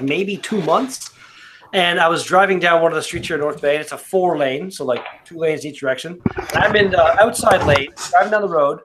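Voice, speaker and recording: A man with a Canadian accent telling a relaxed, rambling, profane story among friends. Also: a little high, a little hiss or hum. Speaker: beer review podcast regular.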